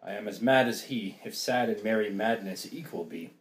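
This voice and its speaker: A man's voice: normal speed, roomy sound, natural voice. A man reading a flustered noble young lady in an amateur play reading, exclaiming in a raised voice. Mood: commanding. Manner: exclaiming, voice jumping up high.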